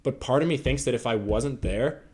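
A man co-hosting a podcast, telling a personal story in a halting, reflective way full of fillers. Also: medium pitch, darkish tone, breathy edge. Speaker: podcast co-host. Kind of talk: casual storytelling chat.

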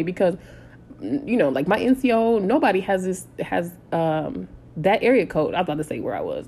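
A woman in her thirties telling a personal story in a casual, animated way, blunt and swearing freely. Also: lowish voice, fairly quick, slightly rough. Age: 30s. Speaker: storytime vlogger.

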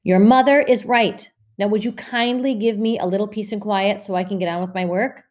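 A woman's voice: medium pitch, sing-song, normal speed, a little mellow, voice pushed up, lightly acted. A woman voicing a harried, irritable father in a storybook reading, with a curt, exasperated delivery. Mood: irritated.

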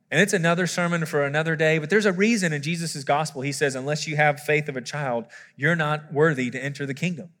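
A man preaching a sermon as a pastor, animated and building to emphatic peaks, with some scripture read aloud. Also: high-pitched. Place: church auditorium. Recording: long hall reverb.

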